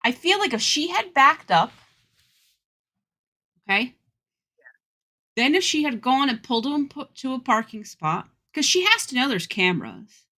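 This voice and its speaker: Woman co-host, high and bright, animated storyteller, casual chat. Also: a little slow, long pauses. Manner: animated, acts out quoted reactions.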